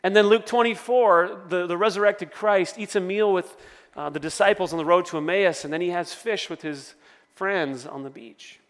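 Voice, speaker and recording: In a large hall, a male pastor preaches a conversational sermon with storytelling asides. His voice is high-pitched and fairly bright, and he keeps a moderate pace.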